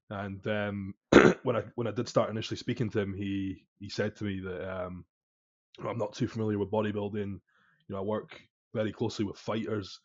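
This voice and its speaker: A young man, a podcast guest, answering questions in a measured, thoughtful way with many pauses. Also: lowish voice, lo-fi sound. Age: young adult. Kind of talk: casual interview answers.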